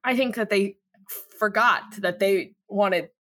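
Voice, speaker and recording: A woman with a mid-range voice speaks at a slow pace, her tone a bit bright. Co-hosting a podcast, she recaps a TV episode in a relaxed chat, giggling and rambling with lots of fillers and laughter.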